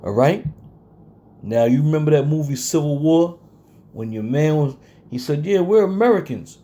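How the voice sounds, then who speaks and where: A man preaching a sermon from scripture. He talks bluntly and confrontationally, and reads verses slowly with heavy stress. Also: on the high side, dark tone, a little hiss or hum.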